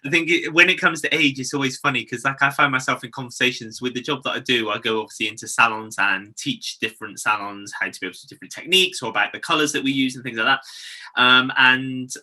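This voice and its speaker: A man's voice: medium pitch, fast, bright, forceful tone. A man, co-hosting a casual chat, laughing often and quoting conversations. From Bristol, England. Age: 30s. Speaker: podcast co-host, hair educator.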